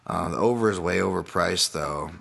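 A man hosts a casual solo podcast and talks through fight picks. His voice sits fairly low, and he rambles and pokes fun at himself. He fills gaps with "uh" and "you know" and often restarts his sentences. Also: normal speed, gravelly, fairly bright tone. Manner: rambling, self-deprecating, many fillers and restarts. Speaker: podcast host, fight analyst.

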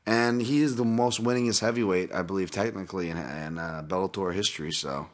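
A man's voice: low voice, brisk. A man hosting a podcast in a casual, rambling way, swearing often and wandering off on tangents. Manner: rambling, profane, goes off on tangents. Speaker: podcast host.

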